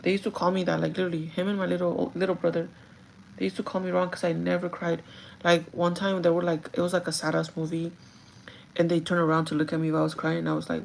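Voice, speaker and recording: A young woman with a low, gravelly voice chats casually to her viewers in a get-ready-with-me stream, confiding and rambling with plenty of "like" fillers. She slips Spanish words into her talk. A faint hum of background noise sits behind her. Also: flat delivery, fast talker, a little mellow, low-quality recording. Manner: chatty, confiding, many "like" fillers. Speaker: livestreamer.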